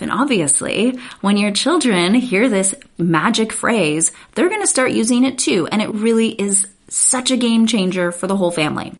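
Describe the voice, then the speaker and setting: An earnest woman in her thirties hosts a podcast and talks straight to her listeners, checking in often with a "right?". Her voice sits in a middle register, and she sounds encouraging as she gives family communication tips. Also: medium pitch. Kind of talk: warm advice podcast talk.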